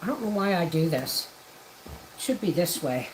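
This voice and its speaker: A woman's voice: lowish voice, sing-song, normal speed, a little hiss or hum, poor audio. A woman hosting a homestead livestream from her kitchen, chatting casually as she cooks and greeting viewers by name. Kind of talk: casual livestream chat while cooking. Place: home kitchen.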